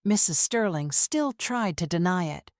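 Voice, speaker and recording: A woman narrating a dramatic family story in an even, measured reading style. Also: on the low side, dry recording, clean studio sound. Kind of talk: scripted narration.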